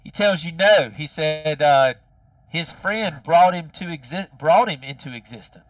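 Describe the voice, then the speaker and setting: A man narrating as game master of a tabletop game, relaxed and full of fillers. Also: fairly high pitch, unhurried, dry recording, far from the mic, dull audio.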